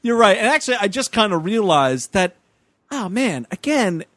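A man's voice: high voice, big pitch swings, moderate pace, fairly bright tone, no room sound. A man co-hosting a podcast, recapping a movie in casual, joking, profane chat. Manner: joking, profane, puts on goofy voices for characters. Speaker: podcast co-host.

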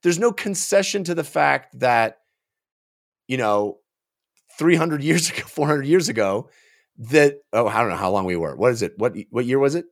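A man co-hosting a film podcast, ranting in an animated, exasperated way about a movie in casual review chat. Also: mid-range voice, moderate pace.

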